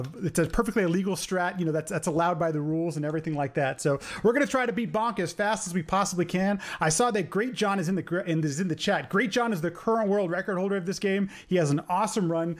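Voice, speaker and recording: A man giving upbeat, chatty live commentary on his speedrun, explaining as he plays. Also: sits high. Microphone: quiet home streaming mic. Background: game music.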